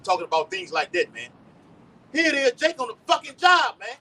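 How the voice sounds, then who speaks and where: A man's voice: very high voice, sing-song, a little fast, sharp tone. A man preaching outdoors on the block, cursing and citing scripture chapters. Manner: profane, quotes scripture chapters. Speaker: street preacher. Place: outdoors on a street. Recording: distant mic, faint street noise.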